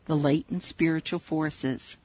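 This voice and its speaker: A woman teaching a spiritual meditation, guiding listeners in slow, measured, soothing instructions. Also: low voice, fairly even intonation, a little mellow, husky. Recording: dull lo-fi recording.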